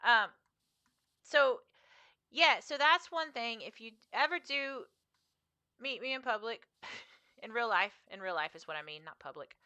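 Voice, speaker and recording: A woman's voice: a little high, expressive, a little slow, pauses often, bright, forceful tone, no room sound. A young woman streamer chatting casually with her viewers while she plays, rambling with frequent fillers and laughs. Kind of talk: casual live-stream chat while gaming.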